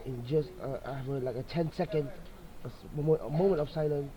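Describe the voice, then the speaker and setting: A man's voice: a little high, fast talker, a crowd in the background, poor audio. A man hosting a casual video channel, talking hesitantly and restarting his sentences often. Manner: hesitant, full of fillers and restarts. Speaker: YouTube channel host. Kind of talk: casual vlog talk.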